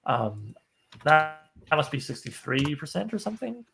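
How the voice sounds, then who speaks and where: A man's voice: fairly high pitch, big pitch swings, normal speed, gravelly, background noise. A man hosting a casual launch livestream, rambling and self-deprecating as he talks with cohosts. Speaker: magazine editor hosting a launch stream.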